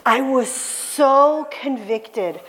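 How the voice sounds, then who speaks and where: A middle-aged woman telling a personal story to a church audience, animated, acting out the voices she quotes and laughing often. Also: sits high, extremely slow, a little hiss or hum. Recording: long reverb of a hall.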